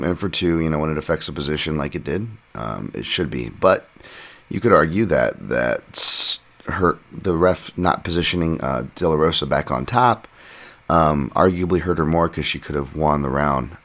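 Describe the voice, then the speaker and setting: A podcast host and fight analyst talks in an extremely low, slightly bright voice with vocal fry. He recaps fights casually, rambling and poking fun at himself, with plenty of filler words.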